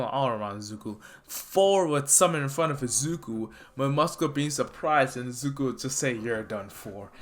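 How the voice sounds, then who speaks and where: Casting: male storyteller, rambling improvised narration, forceful bright tone, slightly high. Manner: rambling, full of fillers. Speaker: fan storyteller.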